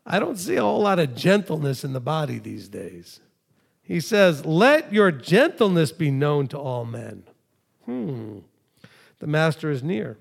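A male preacher giving a sermon, reading scripture emphatically and swinging between loud and soft delivery. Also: a little high, animated, moderate pace, gravelly.

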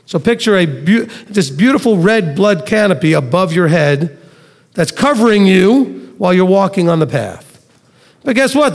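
A man teaching a sermon to a live and online congregation, emphatic, with rhetorical questions and sarcastic asides. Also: high-pitched. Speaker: Messianic Torah teacher. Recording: long reverb of a large hall.

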